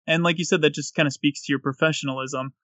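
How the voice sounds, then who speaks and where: A man's voice: on the high side, steady tone, fast, fairly bright tone, no echo, highs cut off. A man co-hosting a podcast interview, chatty and encouraging. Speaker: podcast co-host. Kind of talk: casual interview.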